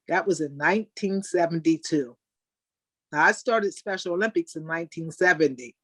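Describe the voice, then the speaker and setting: An older woman, a Special Olympics athlete, telling animated stories in a webinar interview over a video call. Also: fairly low pitch, normal speed, no room sound. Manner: animated storyteller, acts out quoted people. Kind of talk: storytelling in an interview.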